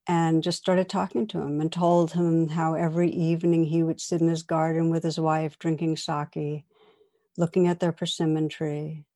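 A woman meditation teacher giving a dharma talk, telling a story in a gentle, reflective way. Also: low-pitched, little pitch movement, moderate pace. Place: meditation hall.

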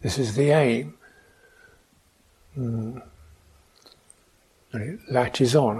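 A man giving a reflective meditation talk, speaking slowly, asking questions and adding soft hums between points. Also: mid-range voice, slightly rough. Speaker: meditation teacher. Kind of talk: dharma talk.

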